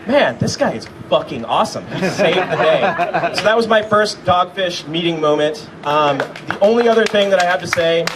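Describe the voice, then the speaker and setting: A man with a fairly high voice tells a laid-back, self-deprecating story to a crowd. He sounds a bit far from the mic, and steady noise runs underneath. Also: moderate pace. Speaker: speaker at a memorial. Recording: distant mic with background noise.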